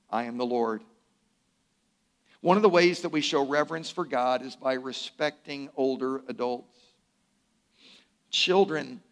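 An older man, a pastor, preaching a conversational sermon with humorous asides, sometimes dropping to a soft, slow emphasis on key phrases. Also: mid-range voice.

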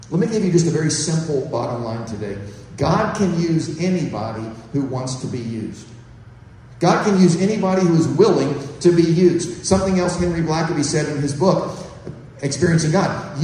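A man's voice: fairly high pitch, dark tone. A man preaching a conversational sermon and reading from scripture. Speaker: pastor. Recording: echoey hall, distant mic, faint ambience.

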